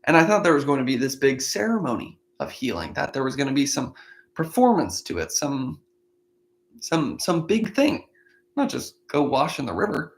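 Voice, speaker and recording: A man's voice: mid-range voice, wildly swooping pitch, moderate pace. A man reading scripture aloud and commenting on it conversationally, thinking aloud between passages. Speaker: Bible study host. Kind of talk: daily Bible reading with commentary.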